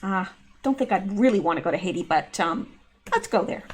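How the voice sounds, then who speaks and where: A woman's voice: mid-range voice, expressive, fairly quick, a little hiss or hum. A middle-aged woman hosting casual video commentary, chatty and full of rambling asides. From Canada. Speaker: channel host.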